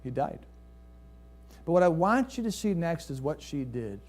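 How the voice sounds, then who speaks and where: A man preaching as pastor speaks a little slowly in a higher register, narrating a story for his congregation. Rhetorical questions punctuate it, and he shifts between animated rises and hushed, quiet dips.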